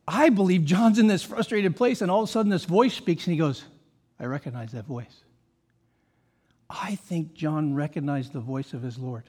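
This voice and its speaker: A man's voice: high-pitched, darkish tone. A male pastor preaching a sermon with emphatic delivery, rhetorical questions and casual asides to the congregation.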